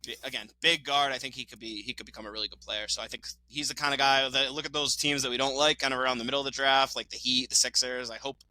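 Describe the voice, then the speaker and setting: A man co-hosting a casual sports podcast, talking with fast, excited opinions, laughing often and swearing now and then. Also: medium pitch, low-quality recording. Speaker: podcast co-host.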